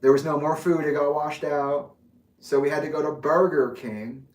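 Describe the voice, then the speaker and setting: A man's voice: on the high side, fairly even intonation, normal speed. A man casually telling a personal story in a rambling, profane way, laughing often. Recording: echoey room, mic far off.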